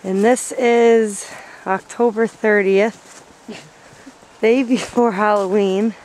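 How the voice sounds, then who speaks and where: A woman's voice: medium pitch, steady tone, slow pace, a little mellow, slight background noise, rough recording. A woman filming a home video, plainly describing the snowy scene around her. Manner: matter-of-fact, describing the scene. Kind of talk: casual home video narration. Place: outdoors in a snowy rural area. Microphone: handheld camera.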